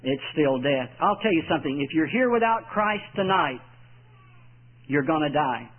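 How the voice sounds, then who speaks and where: A man's voice: fairly high pitch, expressive, moderate pace. A man from Texas, preaching a folksy evangelistic sermon and repeating his key lines for emphasis. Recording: tinny lo-fi old tape.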